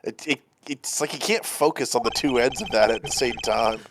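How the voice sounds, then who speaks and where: A man's voice: mid-range voice, normal speed, background noise. A man playing a courtroom game with a friend, joking and reading the lines aloud in casual chat. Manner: joking, animated. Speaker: let's play voice actor. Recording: music in background.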